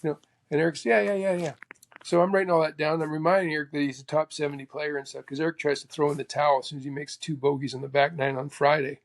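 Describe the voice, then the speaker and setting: Canadian guy, ex tour pro, raspy fry in his voice, spinning animated stories. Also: fairly high pitch, fast talker. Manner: animated, acts out quotes with sudden exclamations. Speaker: guest, former tour golfer. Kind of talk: casual storytelling.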